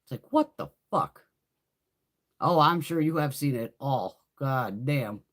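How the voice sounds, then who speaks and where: A woman's voice: extremely low pitch, expressive, takes it slowly. A woman hosting a casual makeup livestream, telling blunt, heavily profane stories while chatting with viewers. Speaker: beauty livestream host. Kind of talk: casual live chat while doing makeup.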